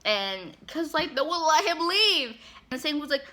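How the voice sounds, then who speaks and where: A woman's voice: high-pitched, sing-song, measured pace, pushed and bright. A woman giving a casual, sarcastic recap full of "like" and asides, talking like a regular host. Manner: sarcastic, chatty, lots of "like". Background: music.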